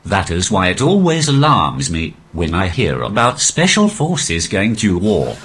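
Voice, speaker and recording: A male stand-up comedian talking through a posh, robotic text-to-speech voice with a deadpan, even delivery. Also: low-pitched, measured pace, background noise. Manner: deadpan, evenly paced delivery. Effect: synthetic text-to-speech voice. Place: live comedy venue.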